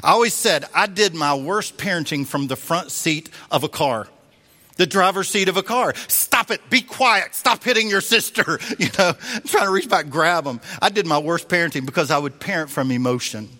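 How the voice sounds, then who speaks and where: A man preaching a sermon as a pastor, telling a story in an animated way and acting out the voices he quotes. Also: a little high, a little fast. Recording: long reverb of a large hall.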